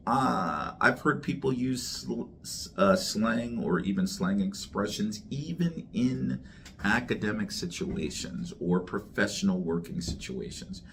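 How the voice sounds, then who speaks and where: A man teaching English slang, speaking slowly and deliberately, repeating each word for learners. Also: fairly low pitch, slight background noise. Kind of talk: slang vocabulary lesson to camera.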